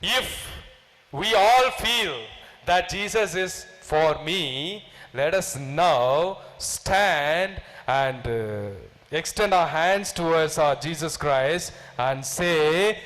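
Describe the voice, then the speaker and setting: Preacher, male, high voice, slow measured delivery, questions the congregation, reverberant church hall. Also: animated, fairly bright tone. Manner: repeats questions to the congregation, leads call-and-response prayer. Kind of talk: sermon.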